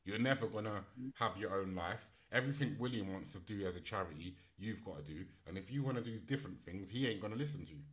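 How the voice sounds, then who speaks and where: Low-voiced man reading news with chatty asides. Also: lively intonation, quick pace, hardly any pauses, a bit bright. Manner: reads articles aloud, then breaks off into chatty asides with fillers. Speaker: podcast host and moderator. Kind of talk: casual panel chat, reading news aloud with commentary.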